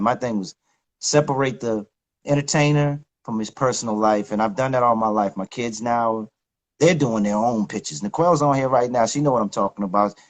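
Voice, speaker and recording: A man's voice: medium pitch, rough recording. A middle-aged man talking as a guest in a casual interview, candid and reflective, with slangy speech. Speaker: guest, recording artist.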